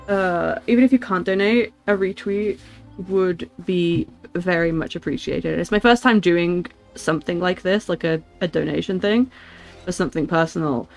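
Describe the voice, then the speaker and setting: A woman streamer chatting casually while she plays, halting and full of restarts. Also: on the low side, gravelly. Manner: halting, with many restarts and fillers. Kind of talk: casual livestream chat while gaming.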